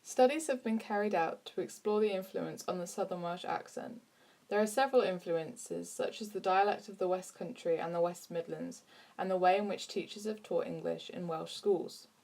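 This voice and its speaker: A woman reads a scripted lesson in a measured, informative way. Her voice sits on the low side. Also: darkish tone. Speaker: narrator. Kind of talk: scripted narration.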